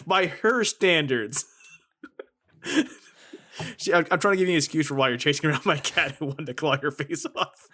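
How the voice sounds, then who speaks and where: A man's voice: on the high side, moderate pace, long pauses, pushed and bright. A man co-hosting a movie podcast in casual chat, tossing in dry, jokey asides. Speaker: podcast co-host.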